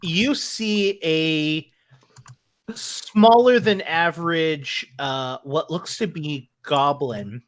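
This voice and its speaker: A woman running a tabletop game as game master, narrating with halting pauses and fillers. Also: deep voice.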